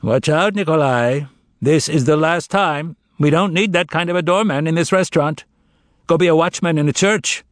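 A man's voice: a little high, normal speed, dry recording, studio quality, voice pushed up, natural voice. A man voicing a stern, cold restaurant manager who gives commanding orders like a pirate captain.

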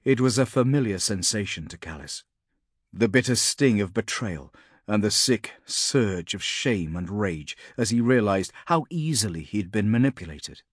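A man narrating a fantasy audiobook in a steady, measured storytelling manner. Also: mid-range voice, no room sound, studio quality.

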